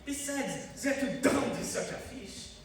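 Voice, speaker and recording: A performer with a medium-pitched, sing-song, slightly bright voice plays a scheming chef, putting on a bad French accent at a moderate pace. The delivery is hammy and evasive, with nervous laughter, recorded in an echoey room on a distant mic with faint noise.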